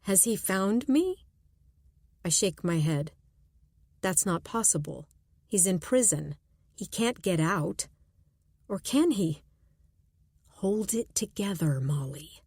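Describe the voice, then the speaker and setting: A woman narrating a suspense audiobook in first person, measured and tense. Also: mid-range voice, lively intonation, darkish tone, no echo, studio quality.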